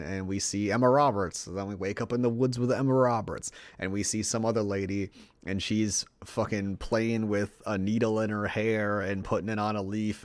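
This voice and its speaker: A man's voice: on the low side, no echo. A man giving a rambling, profane, sarcastic film review, now and then mocking the characters in put-on voices. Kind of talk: casual profane movie review.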